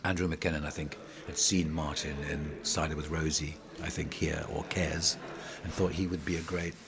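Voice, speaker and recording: Very deep gravelly man telling stories. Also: moderate pace, crowd noise. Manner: animated, rambling anecdotes with many restarts. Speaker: pantomime actor, interview guest. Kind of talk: casual interview storytelling.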